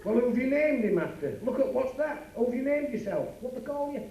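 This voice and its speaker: A man's voice: very high-pitched, lively intonation, brisk, dull audio, noisy background. A man with a Yorkshire accent working as a club comedian and compère, teasing his stage partner with brash banter. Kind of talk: live club comedy double act. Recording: echoey club recording from far off. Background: live audience.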